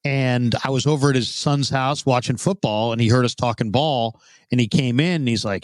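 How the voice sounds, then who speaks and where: A man's voice: medium pitch, moderate pace, no echo. A man in his fifties, a former football scout, telling his career story in an interview with frequent restarts. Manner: rambling, with frequent restarts and fillers. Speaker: guest, former football scout turned radio host.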